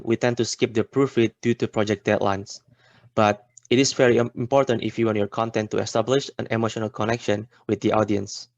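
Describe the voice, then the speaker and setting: A young man presenting a student speech workshop in a steady, instructive way. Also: lowish voice, vocal fry, no echo. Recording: dry, muffled lo-fi recording.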